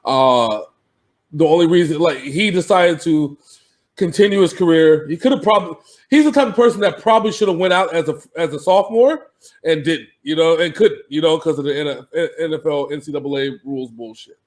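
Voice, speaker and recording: A man with a notably high voice co-hosts a sports talk show in a loose, casual way. He talks animatedly and swears freely while breaking down games. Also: fairly quick, darkish tone. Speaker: sports podcast co-host.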